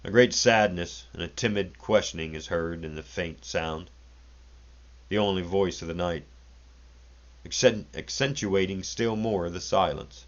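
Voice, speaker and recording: A man reading a classic story aloud in a measured, deliberate way. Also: low-pitched, muffled recording. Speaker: narrator.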